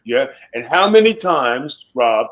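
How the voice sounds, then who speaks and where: A man's voice: mid-range voice, sing-song, slow pace, a bit bright, low-quality recording. A man in his fifties, a former wrestler guesting on a podcast, telling stories in a blunt, profane, swaggering way. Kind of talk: casual podcast storytelling.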